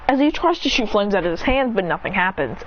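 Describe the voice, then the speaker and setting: A woman's voice: mid-range voice, big pitch swings, fast. A woman casually narrating an improvised story, rambling and correcting herself as she acts out the characters' lines. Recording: dull lo-fi recording with faint noise.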